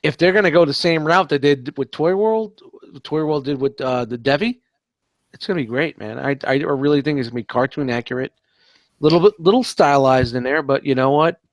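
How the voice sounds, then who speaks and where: A man's voice: fairly high pitch, a little fast, no echo. A male podcast co-host in casual chat, enthusiastic and swearing a lot. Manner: enthusiastic, heavy swearing, says "man" a lot.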